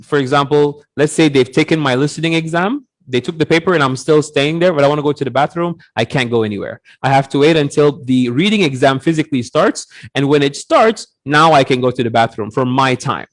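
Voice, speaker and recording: Man, relaxed joking IELTS teacher. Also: fairly high pitch, brisk, hardly any pauses. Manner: relaxed, jokey, mixes in Arabic phrases; lots of fillers and restarts, playful put-on voices. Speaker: IELTS teacher, interview guest. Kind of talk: casual interview on a live stream.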